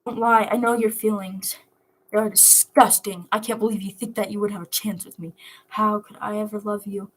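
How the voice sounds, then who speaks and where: A woman's voice: medium pitch, fairly even intonation, normal speed, lightly acted. Woman playing a sneering cruel young hero. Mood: taunting. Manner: taunting, sneering. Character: mocking cruel teen boy hero, taunting.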